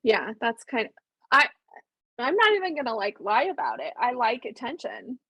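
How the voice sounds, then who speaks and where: Casting: candid woman co-host, animated pitch, a little husky, dry sound. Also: moderate pace, no room sound. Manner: candid, self-deprecating, laughs often. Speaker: podcast co-host, author. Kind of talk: casual chat.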